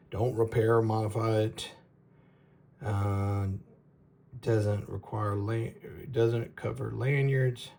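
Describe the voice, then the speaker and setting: Slow, gravelly man reviewing a knife. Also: on the low side, darkish tone. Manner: rambling, halting, stumbles over names with laughs. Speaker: knife reviewer, show host. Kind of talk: casual product review.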